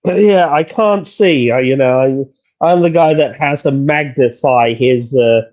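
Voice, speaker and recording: A man's voice: mid-range voice, a little slow, a little mellow, muffled recording. A man co-hosting a casual book-talk podcast, talking animatedly with stumbling restarts. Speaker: podcast co-host. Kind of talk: casual chat.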